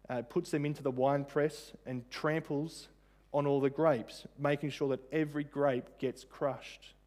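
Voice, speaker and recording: A man's voice: fairly high pitch, darkish tone. A man preaching a sermon in a conversational way, with frequent fillers and rhetorical questions. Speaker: pastor.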